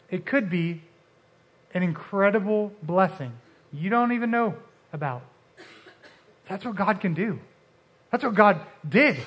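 A man preaching a casual, conversational sermon, often restarting and dropping suddenly soft for emphasis. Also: high-pitched. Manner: conversational, uses filler like and restarts, dramatic drops to soft.

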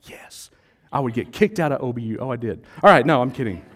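A man's voice: medium pitch, expressive, brisk, a bit bright. A male pastor, preaching in a casual, joking way and acting out voices from the crowd. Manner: playful, jokey, acts out voices of the crowd.

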